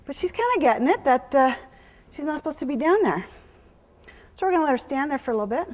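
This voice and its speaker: A woman's voice: sits high, expressive, fast talker, darkish tone, in a large hall. A woman horse trainer giving a live demonstration in an arena. She explains each step to the onlookers and keeps cooing praise at the horse. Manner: explains her steps to an audience between cooing praise to a horse.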